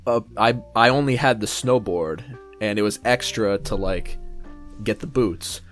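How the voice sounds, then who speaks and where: Lively, cursing young man storyteller. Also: fairly low pitch, unhurried, faint music behind. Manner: animated, swears freely, acts out quotes. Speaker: podcast co-host. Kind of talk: casual storytelling chat.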